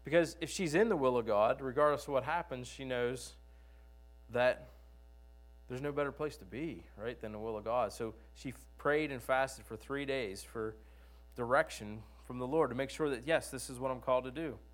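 A man's voice: mid-range voice, moderate pace. A man preaching a sermon who retells the story conversationally and often asks rhetorical questions.

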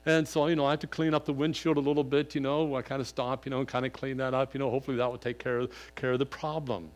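An older grandfather and pastor preaching, telling a rambling personal story full of "you know" and getting animated when he retells what was said. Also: mid-range voice, quick pace. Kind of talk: sermon with folksy personal story.

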